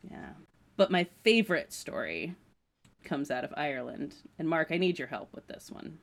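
Woman from the united states, podcast co-host, low voice, very lively pitch, chatty, laughs a lot. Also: moderate pace. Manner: chatty, laughs often, fills with "like". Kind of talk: casual chat, reading a news story.

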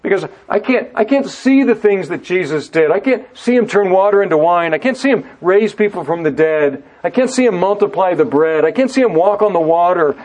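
In a sermon working through a Bible passage, a preacher speaks deliberately, stretching key words for emphasis and frequently rewording himself partway through a thought. His voice is high and a little mellow.

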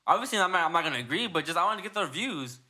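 A man's voice: high voice, expressive, racing, sharp tone. A young man hosting a podcast in casual chat, rambling and swearing as he retells stories. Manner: rambling, profane, retells stories with put-on quotes. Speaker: podcast host.

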